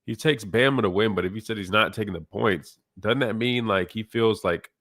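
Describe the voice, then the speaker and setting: Low-voiced, congested male radio host. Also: moderate pace, a bit bright, dry recording, studio quality. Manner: casual, rambling, many fillers. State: nasal, congested voice. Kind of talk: sports talk radio.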